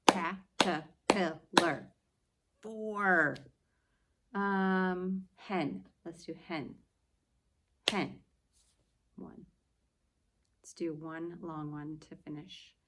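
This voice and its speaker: A woman teacher walks young learners through a phonics lesson, stretching out each sound with patient, exaggerated care. Her speech is very slow and unhurried, with a low, gravelly fry running through her voice. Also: noisy background. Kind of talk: early-reading phonics lesson.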